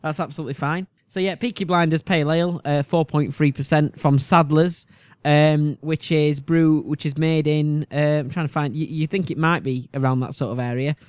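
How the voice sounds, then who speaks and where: A man's voice: on the high side, steady tone, normal speed, clear, resonant tone, no room sound. A man hosting a casual podcast over beer, chatty and teasing, laughing often. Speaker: podcast host. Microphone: webcam and mic on a video call.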